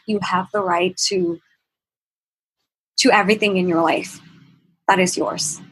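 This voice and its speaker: A woman's voice: on the low side, steady tone, measured pace, a bit bright, slightly rough, rough recording. A young woman from Thailand with a Thai accent, a podcast guest telling a personal story in an earnest, reflective way as she searches for her words. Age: young adult.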